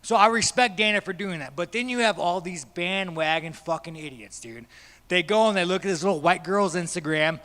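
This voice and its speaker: High-pitched, pushed, and bright, this fighter's voice moves briskly as he fields reporters' questions at a media day. His answers are blunt, profane, and rambling, echoing through the large hall.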